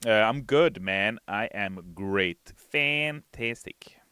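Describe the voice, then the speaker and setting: Man with a bright, clear voice. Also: lowish voice, a little slow, no echo. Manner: relaxed, reads chat messages aloud and answers them. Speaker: game stream host. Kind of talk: casual livestream chat while playing. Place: studio.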